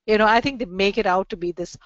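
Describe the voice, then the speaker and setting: A woman's voice: mid-range voice, quick pace, no echo. Woman therapist in a webinar discussion, chatty, dry lo-fi call sound. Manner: chatty, often checks in with "right?" and "you know". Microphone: video call mic. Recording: dry, dull lo-fi call audio.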